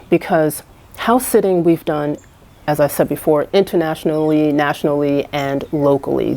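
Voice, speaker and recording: A woman's voice: deep voice, vocal fry, a little mellow. A woman vlogger talking straight to camera in a casual, earnest and encouraging way, full of small restarts and fillers, from a house she is minding.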